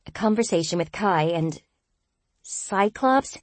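A woman giving a tense, expressive first-person audiobook narration. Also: low-pitched, moderate pace, dry recording.

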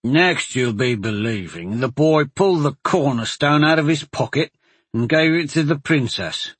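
A man's voice: medium pitch, lively intonation, normal speed, a bit bright, slightly rough, no echo. A man voicing a blunt, skeptical male soldier in a fantasy audiobook. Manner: blunt, grumbling then encouraging.

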